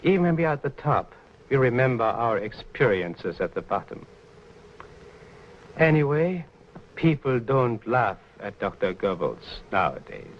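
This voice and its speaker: An actor playing a smug, vengeful Nazi propaganda minister in 1940s film acting, gloating and silky, on dull lo-fi old film sound. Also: male voice, medium pitch, sing-song, unhurried, a little hiss or hum. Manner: gloating, silky, holds grudges.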